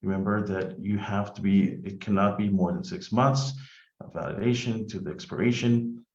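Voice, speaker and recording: A man, an immigration lawyer, giving a polite, measured webinar presentation as he walks through slides. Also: lowish voice, steady tone, a little mellow. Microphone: video call. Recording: echoey dull video-call audio.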